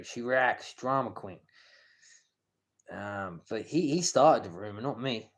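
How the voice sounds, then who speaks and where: A man rambles through a live-stream rant at an average pitch for a man. He trips over his words, repeats himself and starts sentences again, and he turns coarse and confrontational, swearing at people by name.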